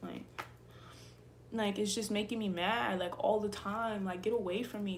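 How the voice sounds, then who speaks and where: Wściekła kobieta przeklinająca do widzów. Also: female voice, medium pitch, steady tone, unhurried. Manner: angry, profane, repetitive, laughing. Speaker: tarot reader. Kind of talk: ranting to livestream viewers.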